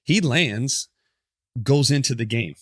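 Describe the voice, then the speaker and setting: A man in a casual interview tells a story with lots of energy and plenty of swearing, and he keeps correcting himself in the middle of sentences. His pitch sits mid-range, and the sound is close and dry, with no room around it. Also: slow, breathy edge, no room sound. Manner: animated, profane, self-correcting storyteller. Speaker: podcast guest, former pitcher.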